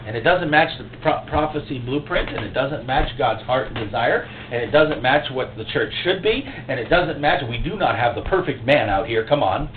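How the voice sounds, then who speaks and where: A man's voice: medium pitch, lively intonation, moderate pace, hardly any pauses. Impassioned preacher man, tinny echoey recording. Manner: impassioned, emotional preaching with sudden loud outbursts. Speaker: pastor. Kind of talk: sermon. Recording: echoey, tinny phone-like recording with faint hum.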